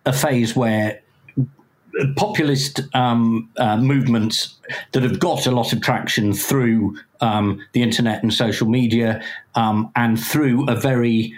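A man's voice: mid-range voice, fairly even intonation, unhurried. A man, a guest on a podcast, speaking in casual interview chat, hesitant with many ums and dry wry asides. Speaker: podcast guest, magazine editor.

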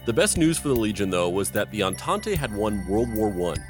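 Man, podcast host, history narration, deadpan humor, lowish voice, faint music. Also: fairly quick. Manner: deadpan absurd jokes between narration.

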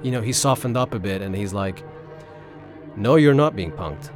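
A man's voice: on the low side, moderate pace, faint music behind. A man being interviewed, recounting events casually and animatedly acting out what others said. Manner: animated, acts out others' quotes. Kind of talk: casual storytelling.

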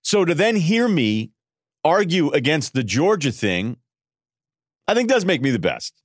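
A man hosting a sports podcast, riffing in an animated, sarcastic solo monologue and mimicking people in quick voices. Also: on the high side, slightly rough, no echo, clean studio sound. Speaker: podcast host.

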